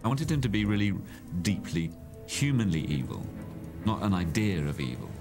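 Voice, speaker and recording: A man, an actor, speaking in a measured, thoughtful way about playing a villain. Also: lowish voice, big pitch swings. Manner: thoughtful, measured, searches for words. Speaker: actor interviewed about his villain role. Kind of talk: reflective interview. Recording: interview with music under it.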